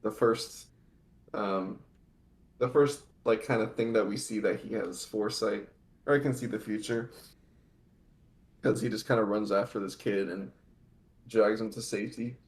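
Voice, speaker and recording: A man with a fairly low voice co-hosting a casual anime podcast, heard in a noticeably echoey room. He walks through the plot in long, rambling run-ons strung together with "and so". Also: fairly even intonation, measured pace, long pauses. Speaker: podcast co-host.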